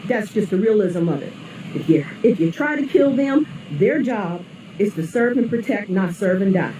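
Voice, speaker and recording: A woman's voice: medium pitch, expressive, moderate pace, warm tone. A mother from the St. Louis area delivering an angry, profane rant, scolding and blunt. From St. Louis area, USA. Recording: echoey, distant, noisy.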